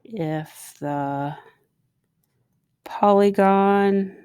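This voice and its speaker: A woman's voice: mid-range voice, drawn-out words, darkish tone, clear, resonant tone, no echo. A woman teacher talking students through a recorded math lesson, chatting and asking them questions as she writes. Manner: chatty, asks students questions while writing.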